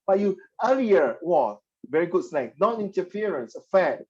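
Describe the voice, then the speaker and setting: A male history teacher lecturing a class, his voice sitting a little high for a man. He talks in an animated, teasing way and slips in Mandarin phrases. The recording sounds dull and lo-fi, as if from the classroom. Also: normal speed.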